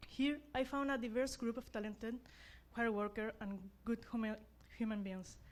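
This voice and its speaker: A young woman speaks English as a second language, her voice a little high. She gives an earnest graduation speech as class representative, joking about herself and searching for words now and then. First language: not English. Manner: earnest, self-deprecating, halting non-native phrasing.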